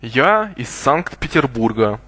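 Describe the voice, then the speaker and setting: A man speaking slow, carefully enunciated model phrases for learners to repeat. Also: medium pitch, very animated, bright, forceful tone, no echo, clean studio sound. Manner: clear careful enunciation for repetition.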